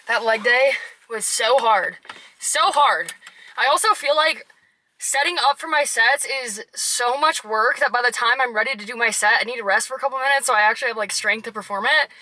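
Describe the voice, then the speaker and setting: Young woman fitness vlogger, bright and higher-pitched, chatty and upbeat, phone-camera talk. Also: moderate pace, low-quality recording. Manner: chatty, upbeat, lots of "like" and "super". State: out of breath after a workout. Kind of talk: casual vlog talk to camera. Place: outside a gym and at home.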